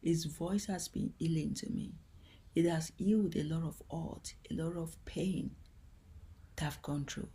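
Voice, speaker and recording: Slow, gentle woman sharing her faith. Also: sits low. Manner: gentle, earnest and heartfelt. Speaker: Christian teacher. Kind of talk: devotional teaching talk.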